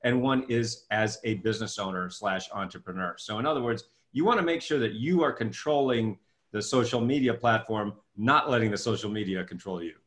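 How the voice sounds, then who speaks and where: Middle-aged male author-coach, animated storyteller, interview guest. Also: lowish voice, brisk. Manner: animated storytelling, acts out his own past dialogue. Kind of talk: interview conversation.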